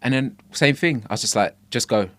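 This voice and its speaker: A young man excitedly retelling street-interview stories as a podcast guest in casual chat. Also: medium pitch, a little fast, dry recording. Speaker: podcast guest, camera operator.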